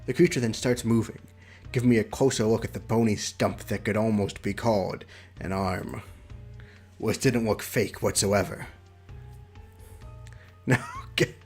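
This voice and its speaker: A man's voice: fairly low pitch, fairly even intonation, unhurried, pauses often, darkish tone, soft background music. A young man streaming a visual novel, reading it aloud with playful, chatty commentary. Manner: playful, chatty, laughs between lines.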